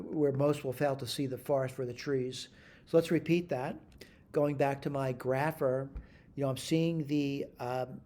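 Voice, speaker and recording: Speaking in a fairly high but dark-toned voice, a male math instructor narrates his work aloud over a screen recording. He pauses to correct himself and checks in with "all right?" as he goes.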